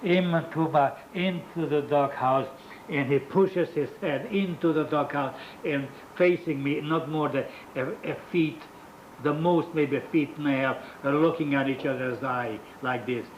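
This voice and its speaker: In a muffled recording with a little hiss or hum, an older man's voice, on the high side, gives a Holocaust survivor's oral history testimony. He speaks halting, non-native English and often stops to search for words.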